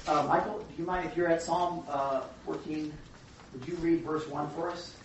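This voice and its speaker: A woman leading a Bible study, teaching in a chatty, animated storytelling way. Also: sits low, moderate pace, far from the mic, a little hiss or hum. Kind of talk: casual teaching. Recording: echoey room from afar, dull.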